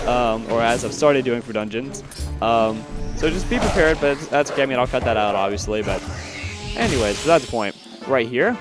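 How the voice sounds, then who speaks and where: A man narrates his gameplay after the fact, rambling and self-deprecating with frequent fillers. His pitch moves up and down in a lively way. Faint game music plays beneath his voice. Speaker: let's play commentator. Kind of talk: post-recorded gameplay commentary.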